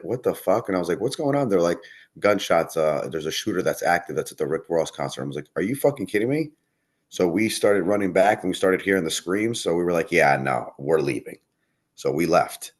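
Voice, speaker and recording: A man chatting casually as a podcast guest, telling a rambling story and swearing often. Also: low-pitched. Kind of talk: casual chat.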